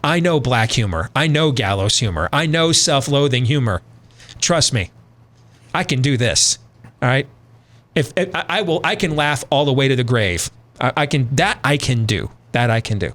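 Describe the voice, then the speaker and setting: A man's voice: mid-range voice, animated, moderate pace, a bit bright. A middle-aged man hosting a radio talk show, ranting with sarcastic, emphatic commentary.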